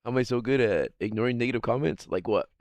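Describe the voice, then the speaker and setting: A man's voice: medium pitch, fast talker, a little mellow, no room sound. A man streaming live, chatting casually in a rambling, profane way and laughing often as he answers chat. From Guam.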